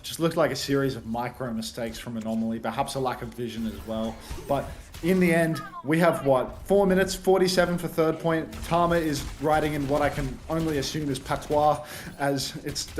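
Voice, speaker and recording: A man's voice: medium pitch, moderate pace, slight background noise. A man casting a live esports match, with dry, sardonic banter between plays. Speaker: esports caster.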